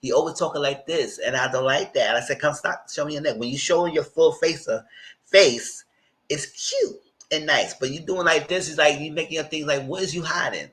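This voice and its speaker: A man recaps a reality show in chatty, conversational commentary, his fairly bright voice at normal speed, breaking into high mock voices whenever he quotes someone. The audio quality is poor.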